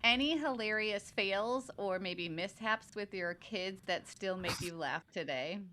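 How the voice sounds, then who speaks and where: A woman's voice: mid-range voice, animated, measured pace, pushed and bright. A woman hosting a podcast interview, encouraging her guest and asking open questions. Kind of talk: casual interview chat.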